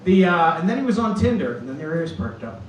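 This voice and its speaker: Rambling high-voiced comic from Boston. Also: male voice, very animated, fast talker. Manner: rambling, self-deprecating, lots of fillers. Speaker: stand-up comedian. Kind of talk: stand-up set. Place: comedy club stage. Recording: roomy club, from far off.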